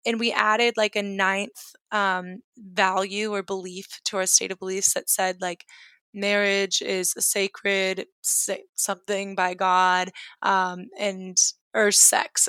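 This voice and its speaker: A young woman from New York tells her personal story in a candid, rambling way, peppering it with "like." Her voice is bright and sharp. The recording is dry and close. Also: medium pitch, no echo. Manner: candid and rambling, full of "like" fillers. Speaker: guest.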